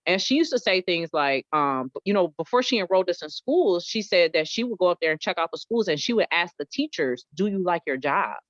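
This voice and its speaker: A woman's voice: fairly low pitch, fairly quick, few pauses, no echo. Storytelling woman with slight Southern twang. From Gary, Indiana. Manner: animated, expressive storyteller. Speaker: guest. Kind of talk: casual conversational storytelling. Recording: dull lo-fi recording.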